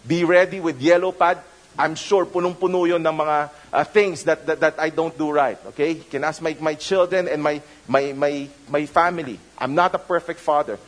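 A man's voice: fairly high pitch, steady tone, moderate pace, rough recording. A middle-aged man with a Filipino accent, preaching a conversational sermon that slips into Tagalog phrases. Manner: conversational, mixes in Tagalog phrases, many restarts. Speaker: pastor.

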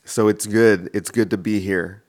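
A man's voice: lowish voice, fairly even intonation, a little slow. Rambling, self-mocking comedian man. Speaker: comedian and podcast host. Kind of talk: solo comedic monologue. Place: home kitchen, alone. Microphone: studio-style microphone.

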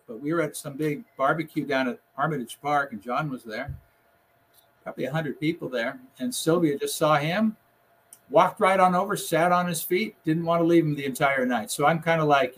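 A man's voice: a little high, normal speed, a bit bright, slightly rough. Older man telling newsroom stories. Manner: rambling anecdotes with acted-out quotes. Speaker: retired news reporter. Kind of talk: casual storytelling conversation.

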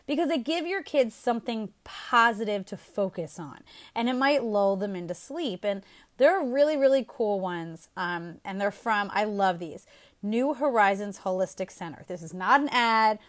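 A woman hosting a casual parenting advice show, chatty and upbeat, often laughing as she talks. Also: mid-range voice. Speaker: host.

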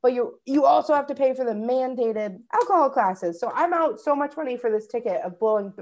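A woman's voice: a little high, lively intonation, brisk, darkish tone. Chatty young woman from Minnesota. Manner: chatty storyteller, swears freely. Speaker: podcast co-host. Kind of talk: casual chat.

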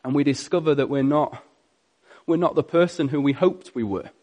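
A male preacher retelling a story in an earnest sermon, swinging between loud passages and hushed ones. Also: fairly high pitch, moderate pace.

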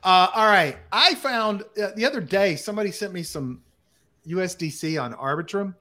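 A man's voice: sits high, expressive, normal speed, sharp tone. A man co-hosting a casual chat podcast, blunt and profane, who reads out listener comments and argues back. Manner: blunt and profane, swears freely. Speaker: podcast co-host.

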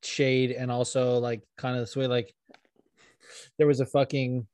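A man's voice: mid-range voice, flat delivery, a little slow, darkish tone, no echo, studio quality. A man co-hosting a podcast, chatting casually and profanely about fights, often acting out what people said. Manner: chatty, profane, acts out quotes. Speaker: podcast co-host.

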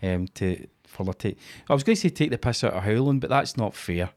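Man, podcast host, rather low voice, relaxed casual chat. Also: brisk. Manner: chatty, swears casually.

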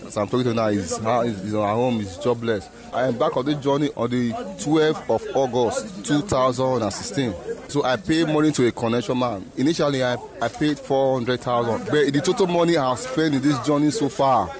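A Nigerian man speaks with a Nigerian accent, giving interview testimony about his journey. He talks earnestly and often restarts his sentences. The clear murmur of a crowd carries behind him. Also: mid-range voice, fairly quick. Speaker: returned migrant. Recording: outdoor crowd noise behind.

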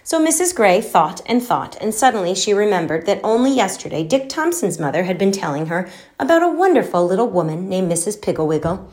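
A woman's voice: medium pitch, sing-song, darkish tone. Woman reading a children's book aloud. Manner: measured, storytelling. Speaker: narrator.

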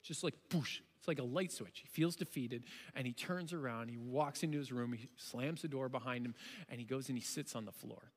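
A man in his thirties preaching a sermon, impassioned, shifting between loud emphasis and quiet storytelling. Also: mid-range voice, a little fast. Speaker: pastor. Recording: long hall reverb.

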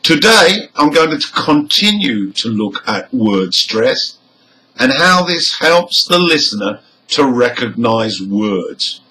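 A man teaching English pronunciation, slowly listing numbered example words and modeling each one clearly. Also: medium pitch, very animated, bright, forceful tone, low-quality recording. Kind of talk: slow, deliberate teaching delivery.

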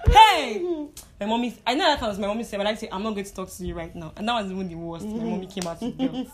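A woman's voice: mid-range voice, lively intonation, rapid-fire. A young Nigerian woman telling stories in a casual chat. She mixes in pidgin and laughs often. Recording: crowd chatter in the background.

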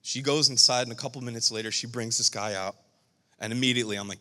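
A man who is a pastor, telling a story during a sermon with animated, emotional delivery. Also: on the low side, fast, big-room sound.

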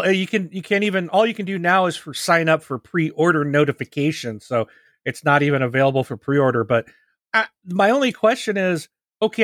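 A man co-hosting a podcast, talking casually and rambling with halting restarts. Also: on the high side, a bit bright, no echo, studio quality. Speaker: podcast co-host.

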